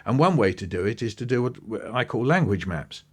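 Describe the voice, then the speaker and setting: A man with a mid-range voice is interviewed as a guest on education, speaking briskly in a relaxed, conversational way. He tells lively anecdotes, thinks aloud with restarts and asides, and briefly acts out the voices of people he quotes.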